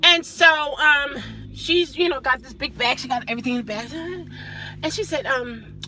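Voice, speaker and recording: A middle-aged woman rideshare driver ranting casually in a vlog, animated and mimicking her passengers. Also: high-pitched, moderate pace, noisy background.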